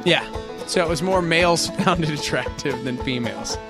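A man's voice: fairly high pitch, normal speed, over music. A middle-aged man hosting a radio show, bantering casually, reading out figures and laughing often. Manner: laughs often, reads out stats. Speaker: radio host.

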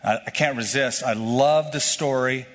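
A male pastor preaches an expository sermon at a moderate pace and medium pitch, teaching through a scripture passage. He explains things conversationally with casual asides, and a large hall lends a long reverb.

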